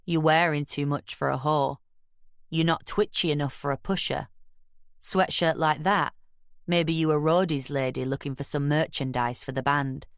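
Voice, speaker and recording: A woman voicing a lanky, wary male pool hustler with a Caribbean accent and a slow, laconic, streetwise manner. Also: sits low, fairly even intonation, dry recording, studio quality. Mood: guarded, laconic.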